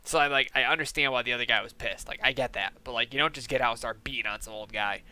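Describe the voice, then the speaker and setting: A young man who hosts a gaming channel tells a story quickly in a mid-range voice. His style is casual, animated, and profane, loaded with fillers and quoted lines.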